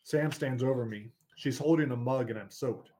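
A man narrating a first-person story in a measured, steady reading voice. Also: medium pitch. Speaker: audiobook narrator.

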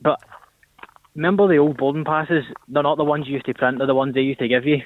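Over a tinny phone connection, a young caller from Northern Ireland tells a radio show a lively story, doing the characters' voices himself. His voice sits a little high, stays fairly even in intonation, moves fast, and carries no room sound.

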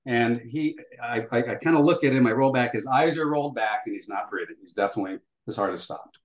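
A man's voice: mid-range voice, fast talker. An older man recounting a story as an interview guest, acting out dialogue as he goes, with frequent fillers. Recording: roomy echo.

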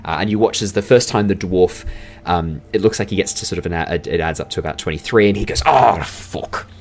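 Low-voiced male dungeon master. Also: fast talker, darkish tone, a little hiss or hum. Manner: rambling, filler-heavy description. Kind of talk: narrating a tabletop game.

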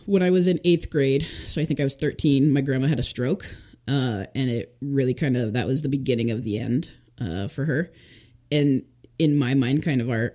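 A woman's voice: a bass voice, mellow. A young woman telling her life story as a guest in a casual interview, chatty and full of fillers, acting out what people said. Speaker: podcast guest.

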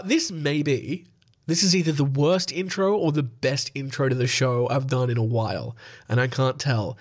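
A man with an Australian accent, sick and hoarse, hosting a podcast in a rambling, joking way and swearing freely. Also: mid-range voice. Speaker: podcast host. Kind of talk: casual comedic podcast monologue.

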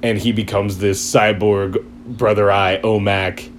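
A man chatting casually, retelling a story in an excited, rambling way and acting out quotes. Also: on the low side, measured pace, slight background noise. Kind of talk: casual chat.

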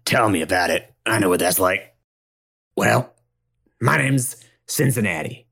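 A man playing a tabletop role-play game in a relaxed, playful way. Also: fairly low pitch, unhurried, vocal fry, slightly rough. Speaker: player.

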